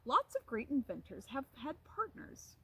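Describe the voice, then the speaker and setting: A woman voicing a patient, gentle father in a children's storybook, speaking calmly and encouragingly. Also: high-pitched, a little slow, a little hiss or hum, heavily acted, low-quality recording. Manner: calm, encouraging.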